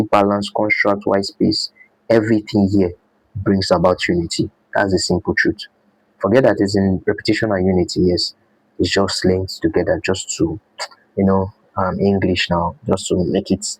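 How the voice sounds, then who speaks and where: A man's voice: sits low, husky, dry recording, poor audio. A man teaching a live design class, repeating his points and quizzing students with "what?". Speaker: design instructor.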